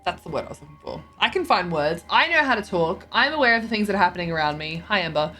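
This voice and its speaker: A tired woman chats to her stream while she plays a card game, joking at her own expense and tripping over her words. Her voice sits a little low but swings up and down a lot. Soft music plays behind her. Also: expressive, rapid-fire. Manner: chatty, self-mocking, yawning, trips over words. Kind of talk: casual live-stream chat while gaming.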